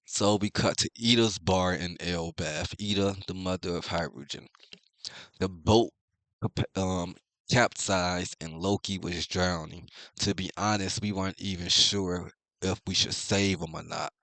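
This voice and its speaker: Man, very deep voice, casual comic review, blunt, swears freely, dry close sound. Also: measured pace, no room sound. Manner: blunt, profane, excitable commentary. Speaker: manga reviewer. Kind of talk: casual chapter review, reading panels aloud.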